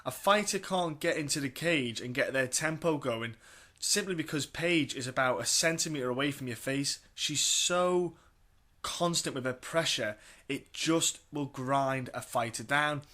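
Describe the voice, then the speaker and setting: Making fight picks on a podcast he co-hosts, a man talks eagerly and casually, repeating himself. His mid-range voice is measured in pace, pushed and bright.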